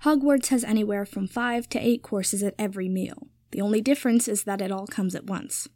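A woman reading a story aloud, voicing an aloof young man with a dry, measured delivery. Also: medium pitch, steady tone, darkish tone, no echo, lightly acted.

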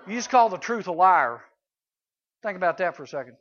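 In a conversational sermon to a room of junior high kids, a youth preacher rises to loud moments and drops to a hush. His expressive voice sits high for a man and moves at a normal speed. The recording is dull and lo-fi.

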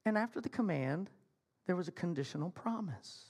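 A man preaching in a church sanctuary, playful and animated as he tells his story. He swings from punchy, raised lines down to near-whispered appeals, then builds back up. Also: sits high, fairly quick, slightly rough. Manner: animated, playful storytelling with sudden soft drops. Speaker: senior minister. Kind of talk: sermon.

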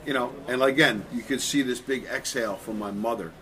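A man's voice: medium pitch, a little fast, a crowd in the background, low-quality recording. A man guest speaking earnestly and with heart about his family. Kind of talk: panel talk.

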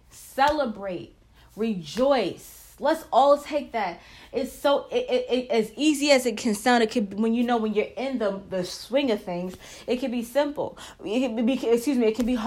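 A woman hosting a casual faith talk, earnest and encouraging, who breaks into short prayers as she speaks. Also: a little high. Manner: earnest, encouraging, prays aloud mid-talk. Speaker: faith and marriage podcast host.

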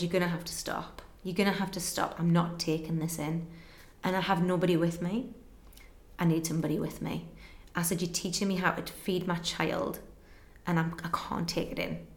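A young woman, a guest in an interview, earnestly tells a personal story and acts out conversations in quick back-and-forth. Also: on the low side. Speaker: guest telling her story. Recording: roomy echo.

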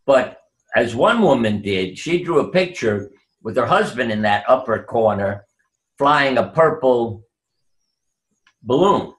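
A man's voice: medium pitch, lively intonation, a little slow, long pauses, fairly bright tone. An older man telling personal stories in an interview, acting out what people said. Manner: anecdotal, acts out quoted voices. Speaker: guest. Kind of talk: storytelling interview.

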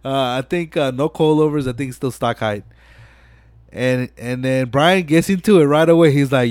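A young man hosting a casual podcast, retelling movie scenes in an animated way and acting out the dialogue with lots of swearing. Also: mid-range voice, normal speed, no room sound, clean studio sound. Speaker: podcast host. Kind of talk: casual chat.

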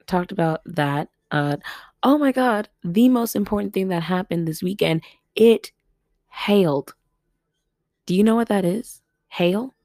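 A young woman from Los Angeles hosting a casual solo podcast from her family home, chatty and quick to laugh and exclaim. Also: fairly low pitch, dark tone, no echo, clean studio sound. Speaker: podcast host.

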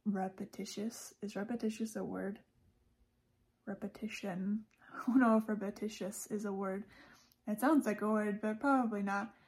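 A woman's voice: fairly high pitch, darkish tone. A woman hosting a podcast, talking casually about a religious speech, chatty, with frequent laughs and fillers. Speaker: podcast host.

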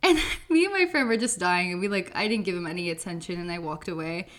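A young woman co-hosting a podcast, telling animated stories in casual chat and acting out quotes. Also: quick pace. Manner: animated storytelling, acts out quotes in a high voice. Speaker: podcast co-host.

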